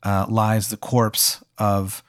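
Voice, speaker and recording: Young man, deadpan comic game master. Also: fairly low pitch, takes it slowly, dry recording, studio quality. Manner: deadpan, laughs at his own bits. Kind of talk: improvised comic tabletop narration.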